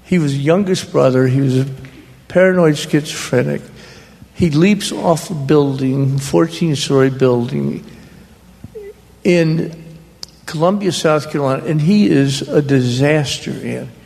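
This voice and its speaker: An older man with a drawl, spinning family anecdotes for a live audience. His voice is gravelly and a little high, and he takes his time over every line. The hall around him rings with a long reverb. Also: darkish tone. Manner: slow, drawling anecdotal delivery with laughs in the voice. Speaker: author speaking on stage.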